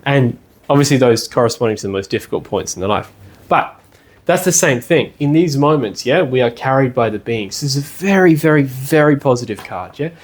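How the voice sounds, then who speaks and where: A man teaching a class at a study centre in a relaxed, conversational way, often checking in with the room with "yeah?" and "you know". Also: medium pitch, a little fast. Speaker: lecturer at a spiritual study centre. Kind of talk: casual classroom lecture. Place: indoor classroom.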